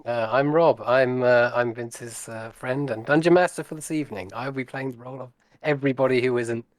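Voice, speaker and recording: Dry West Country dungeon master. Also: male voice, medium pitch, steady tone, brisk. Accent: West Country English. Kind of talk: casual stream chat.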